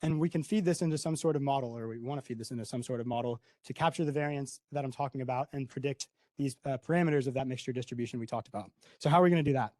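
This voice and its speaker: A man's voice: medium pitch, rapid-fire, dark tone, no room sound. A young man giving a conference talk, explaining slides casually with frequent ums and a questioning "right?". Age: young adult. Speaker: conference presenter.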